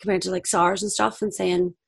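A woman's voice: fairly low pitch, level tone, a little fast, vocal fry, husky. A woman with a Northern Irish accent, a guest sharing candid anecdotes in a casual chat. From Northern Ireland. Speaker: actress guest.

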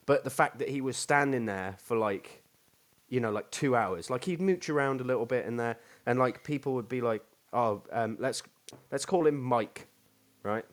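A man's voice: medium pitch, moderate pace. Rambling man swearing. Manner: rambling, swearing, many fillers and restarts. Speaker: storyteller host. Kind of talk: casual chat.

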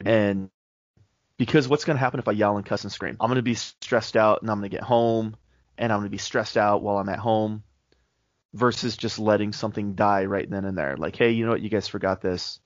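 A man with a lowish voice co-hosts a casual faith-based podcast. He tells stories in a laid-back, easygoing way. The recording is dry and dull, with a lo-fi podcast sound. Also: brisk, no room sound. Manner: laid-back, relaxed storytelling. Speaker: podcast co-host.

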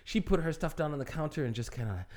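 A man's voice: on the high side, lively intonation, fast talker, darkish tone. A man co-hosting a podcast, chatting casually and retelling a story enthusiastically, with repeats for emphasis. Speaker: podcast co-host. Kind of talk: casual chat.

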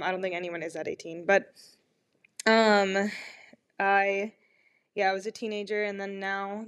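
Candid rambling young woman podcaster. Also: medium pitch. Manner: candid, rambling, self-mocking. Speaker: podcast host. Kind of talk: personal podcast monologue.

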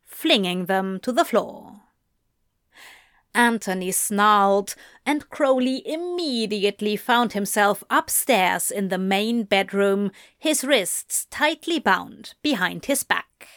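A woman reading a story aloud in a slow, deliberate way. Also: medium pitch, fairly bright tone, no echo, clean studio sound. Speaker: reader. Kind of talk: fan fiction reading.

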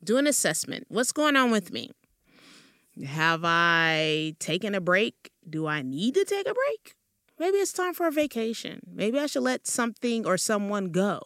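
A woman's voice: medium pitch, sing-song, a little slow, a bit bright, no room sound, studio quality. A woman hosting a podcast, talking in an encouraging, churchy cadence. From American South. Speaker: podcast host. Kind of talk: casual chat.

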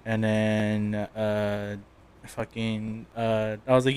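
A man's voice: fairly low pitch, little pitch movement, very slow, a little mellow, clear, resonant tone. A young man in a casual podcast chat, telling a rambling story with lots of swearing and laughter.

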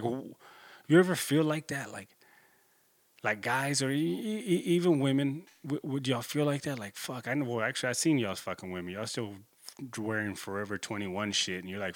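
A man's voice: medium pitch, moderate pace, a bit bright, no echo. A man, rambling casually and profanely with lots of fillers in a solo monologue. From Corpus Christi, Texas. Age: 30s. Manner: laid-back, profane, rambling with many fillers. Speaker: vlogger.

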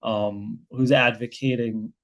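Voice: medium pitch, fairly even intonation, slow. A guest researcher with an American accent explaining their field in casual conversation, thinking aloud with many restarts.

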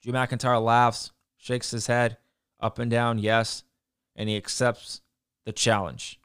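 A man's voice: medium pitch, flat delivery, slow, a bit bright, clear, resonant tone, no echo. Guy doing a casual recap, swears a lot and rants, dry close sound. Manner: blunt, profane, ranting. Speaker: wrestling show reviewer.

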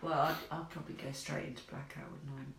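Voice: medium pitch, flat delivery, fast, a bit bright, reverberant, a little hiss or hum. A co-host in a casual chat, reflective and agreeable, often laughing.

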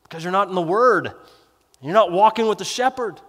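A man's voice: sits high, fairly bright tone. Male pastor preaching in a reverberant hall. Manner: conversational, emphatic, drawn-out stresses. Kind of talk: sermon. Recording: long reverb of a large hall.

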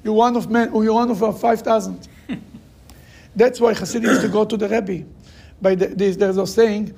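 A man's voice: high voice, fairly even intonation, moderate pace, gravelly, a little mellow, breathy edge. A man teaching a Torah class, emphatic, repeating phrases to drive his points home and telling stories. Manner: acts out quoted people in raised voices.

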